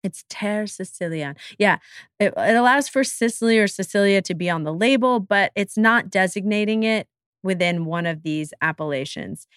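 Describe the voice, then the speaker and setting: Speaking at a normal pace, the woman hosting this solo podcast has a medium-pitched, fairly bright voice that sounds clear and resonant. Her talk is casual and enthusiastic, sprinkled with jokes at her own expense. It's a dry, studio-quality recording.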